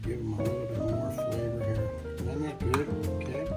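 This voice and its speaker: A man hosting a cooking show at a middle pitch, in a playful, chatty way that speaks right to his viewers. He demonstrates a recipe in a home kitchen while clear music plays behind him. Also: moderate pace. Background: background music.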